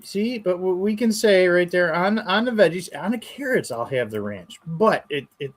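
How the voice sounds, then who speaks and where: A man's voice: sits high, animated, normal speed, rough recording. A man with a Western New York accent, co-hosting a casual live stream with easygoing, short remarks. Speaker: co-host.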